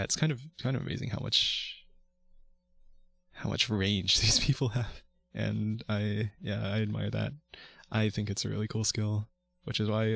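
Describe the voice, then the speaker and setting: A man streaming as a vtuber chats casually about voice technique, rambling, restarting often, swearing and laughing between words. His voice is fairly low and creaky, with no room sound.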